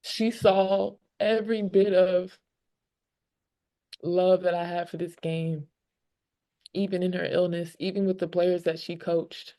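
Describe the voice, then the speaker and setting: Young woman pro athlete at the podium, low gravelly voice, reflective and candid. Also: level tone, unhurried, pauses often, warm tone. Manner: candid, reflective, many fillers. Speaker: pro basketball player. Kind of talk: press conference answers.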